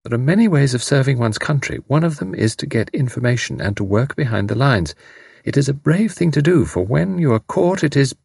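A man reading aloud, voicing a kindly, worried middle-aged mother who speaks gently and hesitantly. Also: mid-range voice, lively intonation, brisk, gravelly, slightly rough, no room sound, studio quality, voice pushed up. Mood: earnest.

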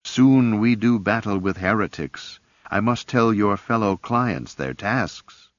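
A commanding mantis-legged alien stalker, as a male narrator plays him, stern and deep with a gravelly edge. His words come slowly and pointedly, over the muffled sound of an old cassette audiobook. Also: very animated, dry recording, full character voice.

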